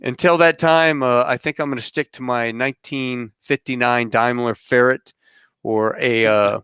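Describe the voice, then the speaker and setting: A male podcast host signing off his guests and telling a rambling, animated travel story. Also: medium pitch, normal speed, smooth, dry recording, studio quality. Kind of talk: casual interview sign-off and storytelling.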